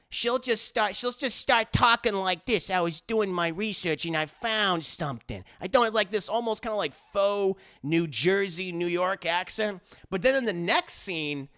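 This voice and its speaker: A man's voice: fairly high pitch, pushed and bright. A man giving a blunt, sarcastic film review in a casual livestream chat.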